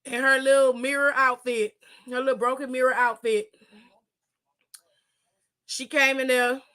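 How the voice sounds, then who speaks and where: A woman's voice: high voice, flat delivery, unhurried, sharp tone. A woman hosting a casual aftershow, telling stories in a loose, profane, gossipy way. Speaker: aftershow host. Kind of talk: casual chat recapping wrestling.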